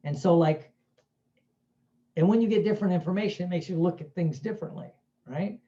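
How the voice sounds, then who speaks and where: Chatty guy telling stories, kinda high voice but mellow, lo-fi sound. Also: a little fast. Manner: chatty, keeps asking "right?", acts out quoted voices. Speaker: self-help speaker. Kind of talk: casual storytelling talk.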